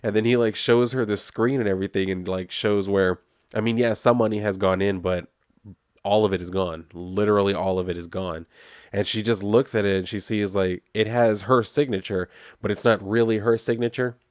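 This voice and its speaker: A man's voice: fairly low pitch, steady tone, normal speed, no echo, clean studio sound. Rambling casual man reviewing comics. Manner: rambling, conversational, many fillers.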